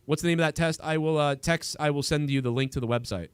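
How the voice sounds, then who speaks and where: Fast, rambling man hosting a stream. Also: a little high, slight background noise. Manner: rambling, with frequent restarts and trailing thoughts. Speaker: livestream host. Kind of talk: casual political chat.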